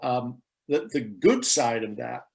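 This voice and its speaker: An American man with a middle-pitched voice talks as a guest expert on a video call. He explains things at a steady, measured pace, telling small stories along the way. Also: vocal fry. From United States. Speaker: spirits critic, guest expert.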